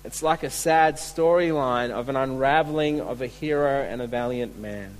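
A man's voice: medium pitch, normal speed, low-quality recording. A man preaching a sermon, earnest and full of rhetorical questions. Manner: earnest, asks rhetorical questions, restarts words.

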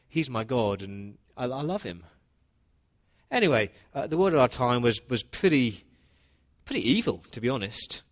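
A pastor with a mid-range, everyday-sounding voice preaches in the role of Noah, a humble, earnest older man. He tells the flood story in the first person, dramatic yet conversational and heartfelt, as part of a sermon.

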